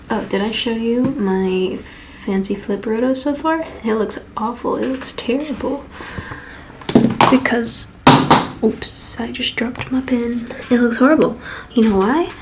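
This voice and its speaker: A woman's voice: on the high side, measured pace, noisy background. A young adult woman talking candidly in a casual diary vlog, rambling with restarts as an animator at home. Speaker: animator vlogger.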